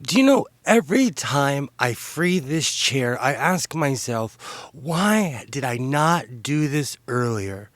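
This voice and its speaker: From his sewing room at home, a man casually vlogs a show-and-tell of the things he's made, giggling and repeatedly breaking into laughter. His voice is medium-pitched with big pitch swings, and he speaks slowly. No room sound is audible.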